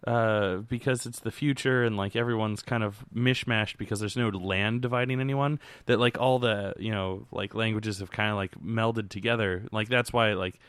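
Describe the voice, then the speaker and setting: A man's voice: fairly low pitch, steady tone, normal speed, few pauses, a bit bright, smooth, no room sound. A man co-hosting a casual movie commentary podcast, joking and rambling with many fillers. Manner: joking, rambling, laughs often. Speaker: podcast co-host.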